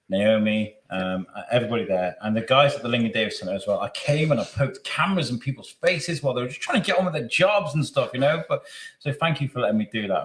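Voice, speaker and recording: A man's voice: on the low side, roomy sound. A man hosting a live charity podcast, emotional and rambling as he thanks people. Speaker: podcast host.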